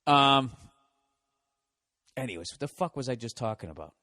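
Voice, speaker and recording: A man's voice: medium pitch, expressive, normal speed, bright, forceful tone. A male comedian in a profane, exasperated comedic rant.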